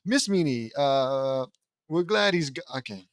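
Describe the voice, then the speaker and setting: A man voicing a spiteful woman neighbor in a flat read-aloud delivery. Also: medium pitch, unhurried, no echo, studio quality, natural voice. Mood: plain.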